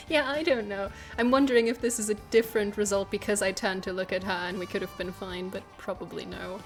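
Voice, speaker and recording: A woman's voice: mid-range voice, steady tone, quick pace, hardly any pauses, soft background music. A woman streaming a game, chatting casually, laughing and swearing as she plays. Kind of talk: let's play commentary.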